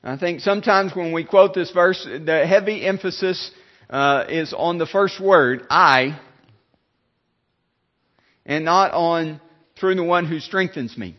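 A male pastor giving a sermon, halting, with many fillers and restarts. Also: fairly high pitch, dull audio.

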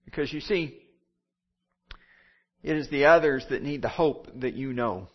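A man's voice: medium pitch, measured pace, highs cut off. A man preaching a church sermon. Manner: preaching in repeated building phrases. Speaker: pastor.

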